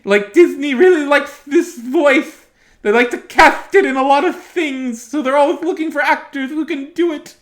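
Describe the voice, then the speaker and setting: A man on a live stream putting on a shrill, lisping falsetto impression of an old-time comedian. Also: fairly bright tone. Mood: chatty. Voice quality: high falsetto with a lisp. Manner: drawn-out, squealing delivery.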